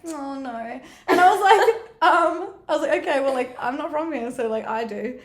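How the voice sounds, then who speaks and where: A quick, high-voiced woman, spinning a story in casual chat. She swears freely and acts out what people said as she goes. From Australia. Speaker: guest.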